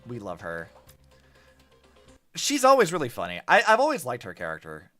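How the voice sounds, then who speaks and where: A young man chatting casually while playing a game, with lots of fillers and quick asides. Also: mid-range voice. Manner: chatty, animated, many likes and fillers. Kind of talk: casual gameplay commentary. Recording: faint music behind. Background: faint game music.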